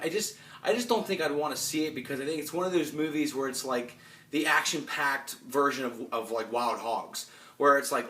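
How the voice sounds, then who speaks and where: A man's voice: mid-range voice, bright, forceful tone. A man in his twenties ranting casually and bluntly to a phone camera, rambling and restarting his sentences. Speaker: movie vlogger. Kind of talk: casual opinionated rant. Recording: roomy echo.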